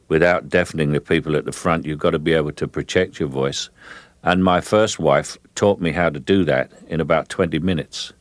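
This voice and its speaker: An older man with a London Cockney-rooted accent, talking through a radio interview in an unhurried, halting way with many fillers. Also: a bass voice, no room sound. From England. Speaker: guest, film actor.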